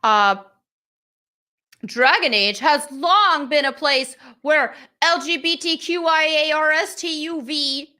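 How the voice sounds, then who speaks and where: A high, bright-voiced woman hosting a live commentary show. She talks at an unhurried pace and comes across blunt and sarcastic while reacting to what she reads. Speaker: livestream show host.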